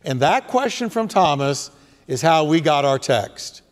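Male pastor, high voice, hammers points by repetition, long church reverb. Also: big pitch swings, a little slow. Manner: emphatic, repetitive preaching. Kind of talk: sermon.

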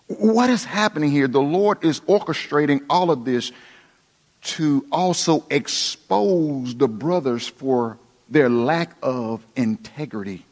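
A man preaching a sermon, dramatic, dropping to a hush and then rising to emphatic points. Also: on the high side, slow pace. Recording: long hall reverb.

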